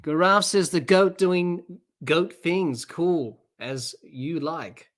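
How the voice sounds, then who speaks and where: A woman hosting a live cricket watch-along podcast, excitable as she calls the play and answers viewer chat. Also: on the low side, slow. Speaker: podcast host.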